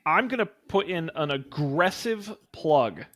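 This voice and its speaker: A man's voice: on the high side, expressive, measured pace, fairly bright tone. A man hosting a casual podcast over a video call, rambling through plugs with plenty of fillers. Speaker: podcast host. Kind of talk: casual chat.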